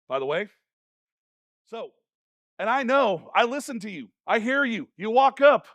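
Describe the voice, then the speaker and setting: Animated high-voiced man preaching. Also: normal speed, no room sound, studio quality. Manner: animated, jokey storytelling with rants. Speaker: pastor. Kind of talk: sermon. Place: church stage.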